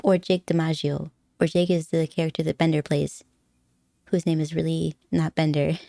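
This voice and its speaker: A woman streamer rambles through a casual chat with her viewers, giggling often and teasing them playfully. Her voice sits fairly low, and the close mic sounds dry with no room echo. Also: level tone, moderate pace, gravelly, mellow. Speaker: live streamer.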